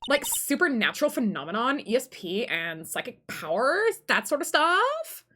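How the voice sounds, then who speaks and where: A woman's voice: sits high, wildly swooping pitch, pushed and bright, pitched above the performer's own voice, heavily acted. A woman voicing a ditzy, airheaded young female student in a put-on Valley Girl accent, filling her speech with "like" and "um". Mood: bubbly ditzy. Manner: lots of "like" and "um", halting.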